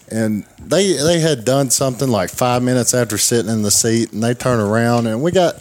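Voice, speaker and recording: A man with a drawl tells a long, rambling story to his co-hosts, swearing freely as he goes. His voice sits at an ordinary middle pitch. He slips into the other people's lines as he retells the story. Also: lively intonation, moderate pace, hardly any pauses, darkish tone. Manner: profane, rambling, acts out quotes. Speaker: show co-host. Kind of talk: casual storytelling chat.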